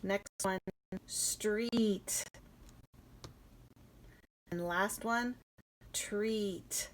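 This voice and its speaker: A woman teaching a phonics lesson to young children, sounding out letters clearly and encouraging them. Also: medium pitch, drawn-out words, slight background noise, poor audio. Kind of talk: early-reading phonics lesson.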